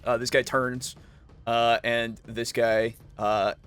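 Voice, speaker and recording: A man narrating a tabletop role-playing game as game master, slow and halting with many pauses and fillers. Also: mid-range voice, flat delivery, fairly bright tone, clear, resonant tone, faint music behind.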